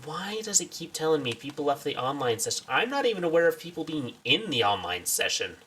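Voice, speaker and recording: A man's voice: fairly high pitch, very animated, a little fast, fairly bright tone, distant mic, a little hiss or hum. A man giving casual, wry commentary while streaming a game, full of self-mocking asides.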